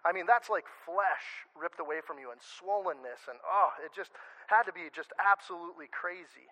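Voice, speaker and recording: A male pastor giving a sermon in a conversational, animated way, often restarting his sentences. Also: high-pitched, moderate pace, poor audio.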